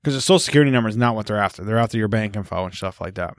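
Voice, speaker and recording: A podcast host with a lowish voice races through a casual chat, cracking crude jokes and laughing often. The sound is dry, with no echo.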